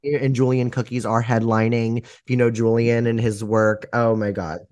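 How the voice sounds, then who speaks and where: A man guesting on a chat podcast, talking in a campy, theatrical way. His voice sits at an ordinary middle pitch while he gushes eagerly about what he loves. He drops a warm honey into his sentences like a seasoned performer. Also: level tone, normal speed. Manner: enthusiastic, gushing. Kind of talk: casual chat.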